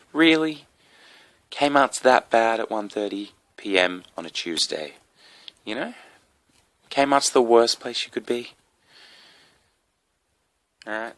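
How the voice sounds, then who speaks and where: Rambling through his solo comedy podcast, a young Australian man swears without restraint and throws in asides. He sounds very low and gravelly with vocal fry, though still bright and forceful, with a sick, somewhat coughy edge, and there's no room sound.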